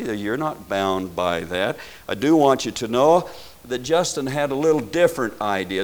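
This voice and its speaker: An older man preaching a sermon, pressing his points with loud rising stresses and rhetorical questions to the congregation. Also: mid-range voice. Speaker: pastor.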